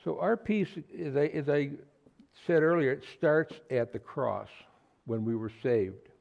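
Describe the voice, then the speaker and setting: A man's voice: mid-range voice, a little slow, vocal fry, phone-quality sound. A man preaching a sermon to a small fellowship, earnest and emphatic, often repeating words for stress. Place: small fellowship meeting room.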